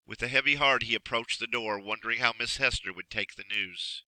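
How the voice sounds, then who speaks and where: A man reads a children's story aloud, expressive and measured, pacing every sentence with care. His voice is strikingly bright and sharp, recorded close and dry, with no room sound. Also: medium pitch, no echo, poor audio. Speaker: narrator. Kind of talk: storybook reading.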